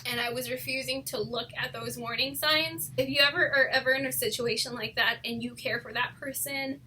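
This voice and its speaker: A young woman telling a personal story in a casual, animated way, swearing often and saying "like" a lot. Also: on the high side, fairly quick, slight background noise. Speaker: storytime vlogger.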